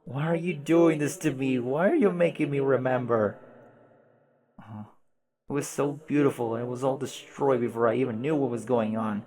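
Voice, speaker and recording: A man's voice: mid-range voice, moderate pace, a little mellow, big-room sound, close to an everyday voice. A man reading aloud and voicing a grieving, lonely young girl who pleads in a shaky, upset way.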